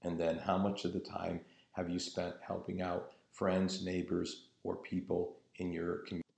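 A man's voice: low-pitched, monotone, normal speed, creaky, a little mellow. A man preaching a sermon in an earnest, emphatic way, drawing out his phrases. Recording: roomy echo.

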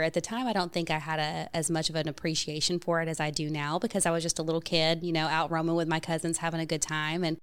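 A woman's voice: sits low, clear, resonant tone. A woman from Tennessee and Virginia hosting an interview, agreeable and chatty with frequent fillers. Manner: friendly, agreeable, many fillers. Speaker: interviewer, host. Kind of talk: conversational interview.

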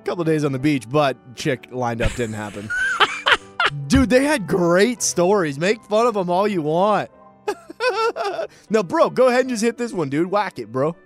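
High, lively man cracking crude jokes. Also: unhurried, soft background music. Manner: crude wisecracks and frequent laughter. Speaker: podcast co-host. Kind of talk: casual chat, joking banter.

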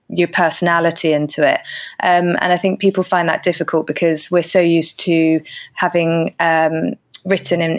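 Lowish-voiced woman guest on a podcast, thoughtful, lots of ums and restarts. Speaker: guest copywriter. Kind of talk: casual interview answers.

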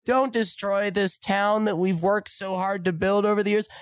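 A man voicing a giant hologram of a little girl who pleads in a big, booming, crying voice. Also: steady tone, normal speed, clear, resonant tone, no echo, clean studio sound, lightly acted. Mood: pleading.

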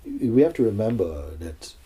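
A man acting as a spiritual teacher, speaking slowly and reflectively, with many pauses, in a spiritual dialogue. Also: lowish voice, very animated, mellow, breathy edge.

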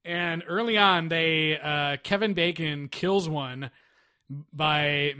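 A man's voice: fairly high pitch, slow, sharp tone, clean tone. A man hosting a casual movie chat who laughs often and retells scenes with energy.

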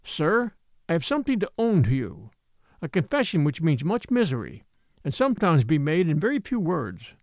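A man's voice: fairly high pitch, huge pitch swings, moderate pace, a little mellow, no room sound, clean studio sound. A man voicing a young female servant's solemn written confession. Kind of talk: audiobook letter reading.

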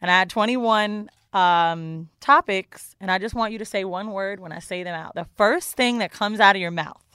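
A woman hosts a loose podcast chat, swearing freely and teasing her co-host. Her voice is bright and clear. The sound is dry and close, with no room around it. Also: medium pitch, normal speed, no room sound. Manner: profane, teasing, laid-back. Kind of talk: casual podcast banter.

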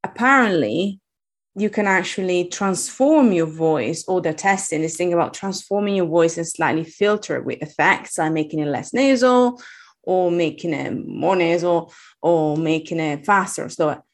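A woman with an Italian accent, co-hosting a casual podcast chat and talking in animated, exasperated asides. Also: lowish voice, moderate pace. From Italy. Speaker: podcast co-host.

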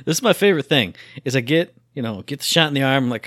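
A man's voice: on the high side, quick pace, hardly any pauses, no room sound, clean studio sound. A man co-hosting a podcast, chatting casually and ranting with exasperated humor. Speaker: podcast co-host.

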